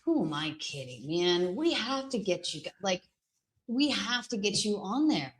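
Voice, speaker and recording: A woman's voice: mid-range voice, sing-song, measured pace, poor audio. A woman talking casually in a rambling, teasing way with many fillers. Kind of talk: casual chat.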